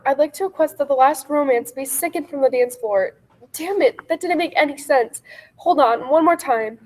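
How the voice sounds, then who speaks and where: A woman's voice: high voice, a little mellow, close to an everyday voice, rough recording. A woman playing a tired, overworked young actress who keeps tripping over her lines and apologizing, speaking over a video call from home. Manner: flustered, apologetic, fast self-correcting. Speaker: actress auditioning for a courtroom role. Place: home room.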